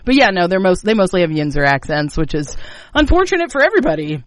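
A woman, a radio guest who tells stories with plenty of laughter. Her pitch swings widely and expressively, and the sound is dry and close. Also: fast, no room sound. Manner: lively, laughing storyteller. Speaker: guest, mother of two. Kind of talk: casual chat.

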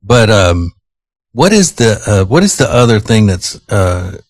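A man's voice: lowish voice, sing-song, unhurried, no echo. A man hosting a radio show, rambling casually with lots of fillers.

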